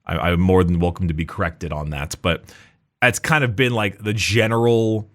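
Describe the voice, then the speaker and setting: A man's voice: sits low, fairly even intonation, normal speed. A man in casual podcast chat, rambling with lots of fillers and restarts, laughing often. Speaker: podcast co-host.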